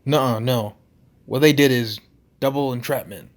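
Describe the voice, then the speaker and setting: A loudmouthed male barfly who defends himself with blustering slang, voiced by a man reading a story game. The voice stays at a plain middle pitch. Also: moderate pace, natural voice. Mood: defensive. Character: brash defensive male small-town barfly.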